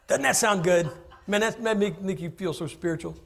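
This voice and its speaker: A man's voice: sits high, a little fast, vocal fry. A man preaching a humorous sermon, joking and acting out little scenes. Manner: animated, jokey, acts out little scenes.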